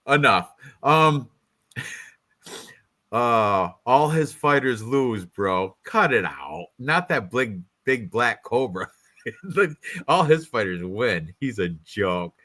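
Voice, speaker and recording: A man's voice: medium pitch, big pitch swings, slow, bright, forceful tone. A man hosting a casual fight prediction show, rambling and joking with his co-hosts. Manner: joking, rambling, trash-talking with laughs. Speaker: podcast host.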